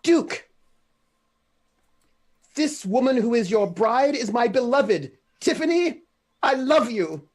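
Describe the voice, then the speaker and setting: A woman's voice: on the high side, expressive, slow, pauses often, a little mellow. Woman playing a melodramatic lovestruck old suitor. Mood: declaring.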